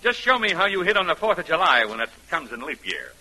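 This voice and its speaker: An actor playing a gruff, sarcastic middle-aged baseball manager who also narrates, in 1940s radio acting. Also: male voice, a little high, huge pitch swings, fast, bright, forceful tone, full character voice, rough recording. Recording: old radio broadcast with music.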